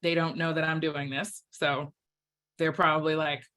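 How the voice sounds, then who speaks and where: A woman's voice: low-pitched, level tone, moderate pace, fairly bright tone. A woman presenting at a staff town hall over a video call, heartfelt and chatty with plenty of fillers.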